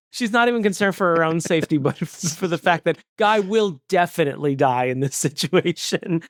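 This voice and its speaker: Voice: mid-range voice, expressive, moderate pace, dry recording, studio quality. A podcast co-host in casual chat, rambling through nerdy asides and laughing often. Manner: rambling, self-described nerd logic, laughs often.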